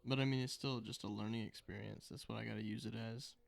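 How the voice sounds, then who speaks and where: A hesitant, reflective man chatting on a podcast with friends. His voice is gravelly and full of fry. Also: on the low side, steady tone, fast. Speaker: podcast guest. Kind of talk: casual chat.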